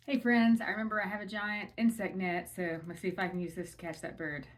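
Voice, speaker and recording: A woman filming herself at home, talking excitedly to herself in a closet and often dropping to a whisper. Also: mid-range voice, normal speed. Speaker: vlogger. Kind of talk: casual self-filmed commentary.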